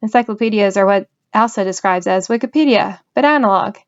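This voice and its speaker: A woman's voice: medium pitch, brisk, clear, resonant tone, highs cut off. Woman reading a novel aloud. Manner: even, storytelling narration. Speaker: audiobook reader.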